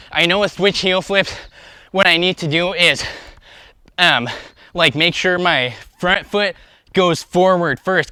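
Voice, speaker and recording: Upbeat young man rambling with a bright voice. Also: a little high, clean tone, no room sound. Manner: rambling, filler-heavy, upbeat. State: out of breath. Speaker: skateboarding livestream host. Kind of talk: casual livestream chat while skateboarding. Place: outdoors skating.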